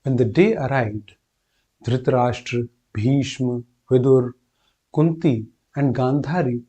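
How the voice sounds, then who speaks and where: A man's voice: medium pitch, takes it slowly, dark tone, breathy edge. A man hosting a storytelling channel and narrating an epic tale in a friendly scripted way. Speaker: storyteller host.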